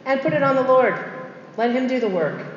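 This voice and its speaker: A woman's voice: high-pitched, expressive, a little fast, a little hiss or hum. A middle-aged woman, a religious sister, giving an emphatic storytelling faith talk with conversational asides and repeated key phrases. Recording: echoey hall, dull muffled sound.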